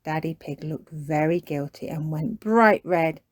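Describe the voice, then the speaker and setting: Woman narrator, children's storybook, slow and animated, dry sound. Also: sits low, no room sound. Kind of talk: children's storybook read-aloud.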